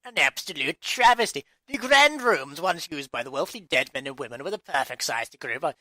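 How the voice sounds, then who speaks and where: Fairly quick and expressive, a man's high-ish voice with a sharp tone comes through with no echo. He's English and reading his own story aloud, and these audiobook outtakes are full of exasperated self-talk and repeated restarts.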